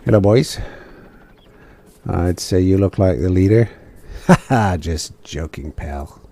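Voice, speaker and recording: A man's voice: deep voice, expressive, slow pace, dark tone. A man giving casual, joking commentary while playing a video game, talking to himself as he goes. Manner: chatty, joking asides to himself. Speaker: gamer.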